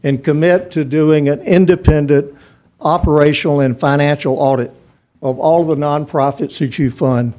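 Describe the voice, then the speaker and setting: A man's voice: on the high side, steady tone, normal speed, darkish tone. A man giving a public comment at a county budget hearing, laying out firm, methodical criticism into a podium microphone. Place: county commission meeting chamber.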